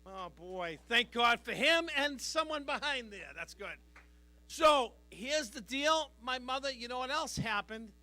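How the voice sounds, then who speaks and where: Brash, bright-voiced middle-aged comedian. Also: male voice, very high-pitched, expressive, a little slow, no echo. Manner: brash, crowd-working, punchy delivery. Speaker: stand-up comedian. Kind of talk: stand-up comedy routine. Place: live stage before an audience.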